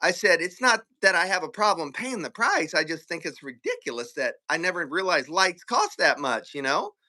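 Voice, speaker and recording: A middle-aged man on a live stream telling a story in casual chat, animated and full of profanity, often laughing. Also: a little high, moderate pace.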